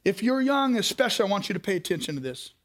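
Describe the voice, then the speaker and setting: A man's voice: high voice, sing-song, fast talker. A man preaching a sermon as pastor, telling stories and putting direct questions to his listeners.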